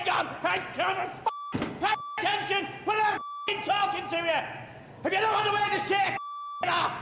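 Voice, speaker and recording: Squeaky high furious football manager, shouting flat and hard, roomy echo. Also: male voice. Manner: ranting, shouting. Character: furious shrieking male football manager berating players.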